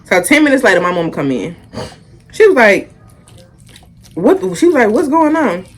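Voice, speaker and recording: A woman's voice: on the high side, big pitch swings, normal speed, husky. A young woman, telling a casual storytime and animatedly acting out the quotes. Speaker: vlogger.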